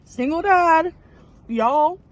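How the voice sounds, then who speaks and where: A woman, chatting excitedly and rambling with many fillers as she recaps a romance novel. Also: very high voice, extremely slow, rough recording. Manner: gushing, rambling, lots of fillers. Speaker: book vlogger. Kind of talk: casual book review chat. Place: outdoors near a parking lot.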